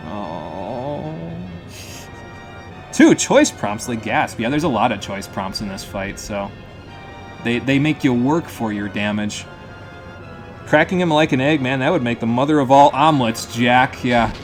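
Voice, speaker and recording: A man's voice: mid-range voice, a little slow. A man streaming a game live, giving loose, joking commentary with frequent laughs and casual swearing. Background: faint game music.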